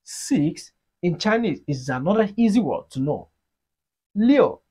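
A Mandarin teacher giving an online lesson, explaining slowly and deliberately and leading repeat-after-me drills. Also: medium pitch, animated, warm tone, husky. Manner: slow, deliberate explaining, modeling sounds for learners.

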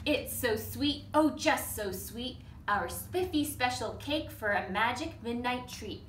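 A woman's voice: fairly high pitch, expressive, unhurried, fairly bright tone, slight background noise. A woman reading a picture book and nursery rhymes to young children at a library storytime, sing-song and coaxing them to join in. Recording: echoey room, mic at a distance.

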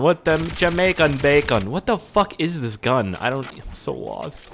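There's vocal fry in this young Canadian's slightly high voice, and he keeps a measured pace over a little hiss or hum. A gaming YouTuber, he narrates gameplay with crude humor, lots of swearing and lively outbursts.

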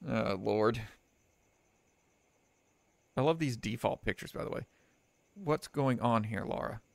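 A young man's mid-range, vocal-fry voice moves at a measured pace, with no echo, as he narrates a horror game let's play on a desk mic. He's sarcastic and jokey, laughing frequently while reading out the game's text.

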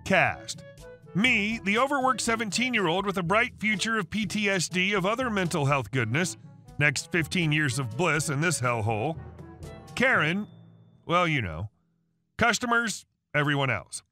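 Man, story narrator, high and lively pitch, steady synthetic read, soft music bed. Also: normal speed. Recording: faint music underneath.

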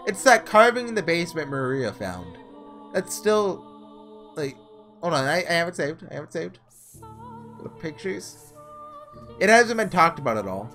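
A man hosting a game playthrough, reading the story aloud and breaking into excitable, rambling commentary. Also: fairly high pitch, normal speed, long pauses, faint music behind. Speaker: let's play host.

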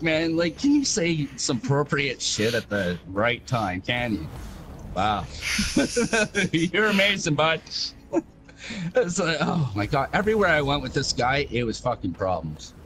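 A man's voice: fairly high pitch, sing-song, slow, fairly bright tone, a little hiss or hum. A man chatting casually while gaming, telling rambling stories, swearing and laughing often. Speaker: game player. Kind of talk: casual gaming chat with storytelling.

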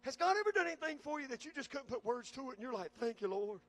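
High-voiced preacher building to shouts. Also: male voice, sing-song, fast talker. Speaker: pastor. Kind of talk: sermon.

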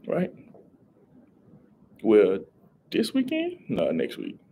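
A man's voice: lowish voice, wildly swooping pitch, extremely slow, warm tone, a little hiss or hum. A young man, rambling casually on a live stream and greeting viewers in chat. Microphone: headset.

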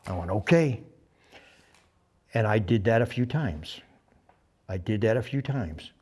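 A man's voice: fairly low pitch, animated, moderate pace, darkish tone, slightly rough. Profane older man telling war stories. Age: 70s. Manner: profane, acts out voices and sound effects in his stories. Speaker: interviewee, veteran pilot. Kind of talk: animated storytelling.

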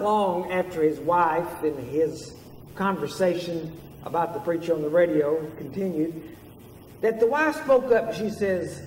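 A man's voice: fairly high pitch, a little slow, darkish tone, far from the mic, slight background noise. A man preaching a sermon as pastor, telling a story in an earnest way. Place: church sanctuary. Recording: roomy hall from afar.

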